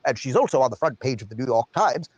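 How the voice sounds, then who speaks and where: A man's voice: medium pitch, lively intonation, quick pace, breathy edge, highs cut off. A man voicing a pompous upper-class liberal in a put-on British aristocratic accent, with an affected, drawling, sing-song delivery.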